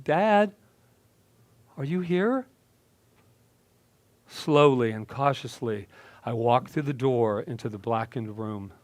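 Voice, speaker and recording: A male minister tells a personal story at a very slow, deliberate pace. His voice sits in a middle pitch and leans into the dramatic moments. The recording is dry and close, with little room sound. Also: no room sound. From United States.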